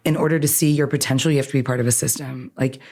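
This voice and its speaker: A woman's voice: rumbling low, racing. A woman from Iran, an attorney guest on an interview podcast, speaking earnestly and often ending thoughts with "right?". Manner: earnest, animated, says "right?" constantly. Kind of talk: conversational interview.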